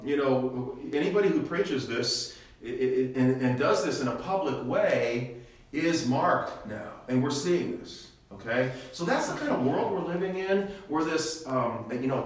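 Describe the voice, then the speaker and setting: A man's voice: medium pitch, expressive, unhurried. An older man, a pastor leading a Bible study class, teaching with rhetorical questions and a habit of tagging sentences with "okay?". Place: church classroom. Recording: echoey church room, mic far off.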